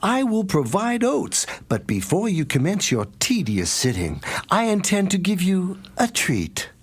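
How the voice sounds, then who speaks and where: A woman voicing a crafty, smooth-talking male fox gentleman in an animated storybook, overly polite and scheming, with a husky voice. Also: fairly low pitch, unhurried, exaggerated voice. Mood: silky scheming.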